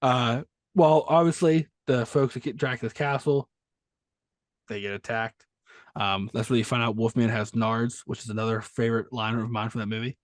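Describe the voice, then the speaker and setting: A man's voice: mid-range voice, fairly even intonation, normal speed, no room sound, clean studio sound. A man co-hosting a podcast in casual film-discussion chat, rambling and retelling scenes with enthusiasm. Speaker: podcast co-host.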